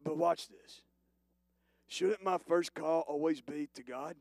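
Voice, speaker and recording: Man, pastor, sermon, high voice, gravelly, dry sound. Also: no room sound. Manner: builds from hushed, slow passages to loud, emphatic preaching. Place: church.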